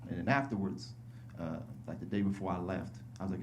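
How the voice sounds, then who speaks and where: A male stand-up comedian telling stories casually on a club stage, slipping into high-pitched voices when he quotes people. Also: fast, slight background noise. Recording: live club recording with audience laughter.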